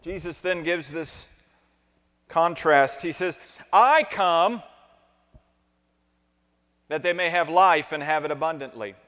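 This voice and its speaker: A man with a somewhat high voice preaches a sermon at an unhurried, deliberate pace. He builds from measured reading to emphatic, questioning points and pulls the congregation into repeating lines with him. His voice rings out with the long reverb of a large hall. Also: a bit bright. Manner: asks the congregation to repeat and answer. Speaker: pastor.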